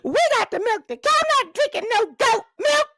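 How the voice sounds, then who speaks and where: A woman doing a shrill spoiled cursing wife. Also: very animated, moderate pace, pushed and bright, no echo, clean studio sound, full character voice. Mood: indignant. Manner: whiny, swearing, indignant.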